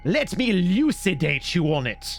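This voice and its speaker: A man's voice: sits high, very animated, normal speed, soft background music, pitched above the performer's own voice, full character voice. A man voicing a pompous, overly formal man who talks in a stuffy, lofty way. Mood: condescending.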